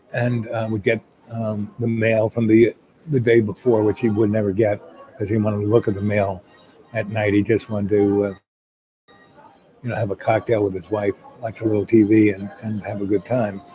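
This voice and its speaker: An older man telling a long personal story in a meandering, casual way, full of "you know" and pauses. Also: lowish voice, little pitch movement, warm tone, low-quality recording.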